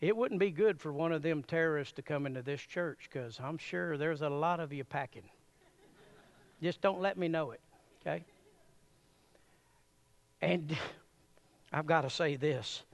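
A man preaching a sermon in a church, folksy and animated, chuckling often as he addresses the congregation. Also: a little high, a little slow, vocal fry, pauses often. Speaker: pastor.

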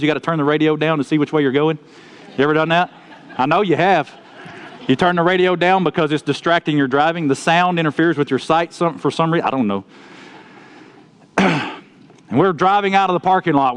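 A man preaching a sermon, telling folksy stories and swinging between loud outbursts and quiet asides. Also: fairly high pitch. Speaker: pastor.

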